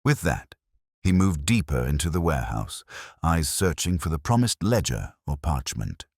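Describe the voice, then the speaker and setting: Very deep-voiced male narrator. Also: sing-song, slightly rough, no room sound, studio quality. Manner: measured storytelling. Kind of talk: scripted narration.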